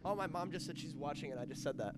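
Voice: medium pitch, very fast. A streamer chatting casually on stream, laughing often and swearing playfully. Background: faint lo-fi music.

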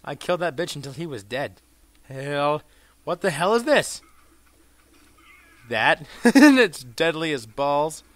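A young man giving crude, profane commentary over a shooter game, swinging between mumbled asides and shouted bursts. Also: a little high, animated, takes it slowly, long pauses, dry recording. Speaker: gameplay commentator. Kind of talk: let's play commentary.

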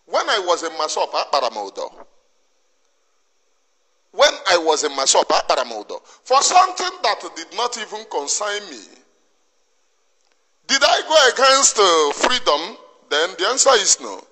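Man, Nigerian Igbo accent, high lively pitch, bright tone, emphatic scolding monologue, long reverb. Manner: emphatic, repetitive, preachy scolding. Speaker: activist commentator. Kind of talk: impassioned monologue.

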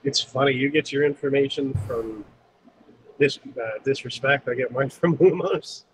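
A man teasing his streamer friend by recounting past streams, animated and swearing casually. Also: mid-range voice, moderate pace, noisy background. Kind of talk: casual chat.

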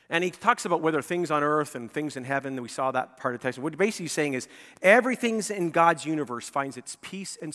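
Pastor preaching in a reverberant church. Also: male voice, medium pitch, fairly bright tone. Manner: conversational preaching, frequent "okay?" and "right?" checks with the congregation; rises to emphatic, pleading peaks. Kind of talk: sermon. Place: church sanctuary.

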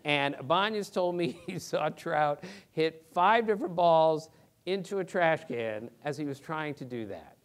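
A middle-aged man, a sports reporter, telling lively anecdotes to a theater audience in quick, emphatic bursts. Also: on the high side. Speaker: sports reporter giving a talk. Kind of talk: anecdotal storytelling presentation. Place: theater auditorium.

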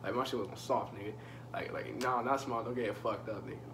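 A man's voice: mid-range voice, steady tone, fairly quick, background noise. A young man telling a profane, slangy story in a casual vlog and joking directly with his viewers. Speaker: storytime vlogger.

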